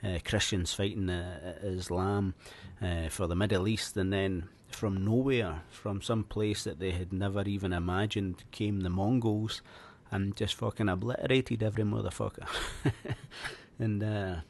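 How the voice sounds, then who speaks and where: A very low-voiced man talking casually on a podcast. He swears freely and drifts into storytelling asides. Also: fairly even intonation, a little slow, darkish tone. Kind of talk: casual chat.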